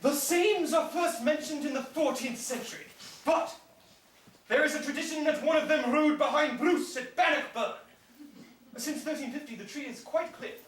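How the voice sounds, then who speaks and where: An actor in a live stage play playing a witty, theatrical gentleman plotting a scheme. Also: sits high, moderate pace. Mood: scheming. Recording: echoey stage from far, noisy.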